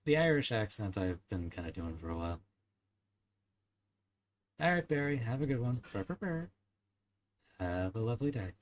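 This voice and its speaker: A young man streaming and chatting casually with his viewers, rambling with frequent fillers, small laughs and little verbal-tic sounds. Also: medium pitch. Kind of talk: casual chat with live chat.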